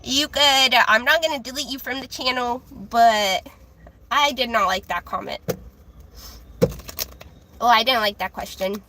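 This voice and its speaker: High bright babyish voice, woman doing a tarot live stream, lots of um and uh. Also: measured pace, long pauses, slight background noise, poor audio. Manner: high, childlike voice with frequent fillers and restarts. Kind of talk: casual live-stream chat.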